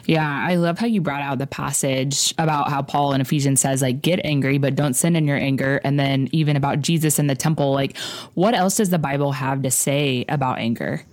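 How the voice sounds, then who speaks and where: A woman hosts a podcast interview, chatting easily and reacting to her guest. Her voice sits very low for a woman. The sound is dry, with no room around it. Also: a little fast, darkish tone, no room sound. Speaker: podcast host. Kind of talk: casual interview chat.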